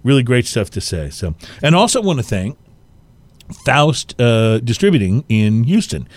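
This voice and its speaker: Brief: male podcast co-host, mid pitch, relaxed and rambling, dry close-mic sound. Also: measured pace, dry recording. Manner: relaxed, rambling, self-deprecating. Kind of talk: casual chat.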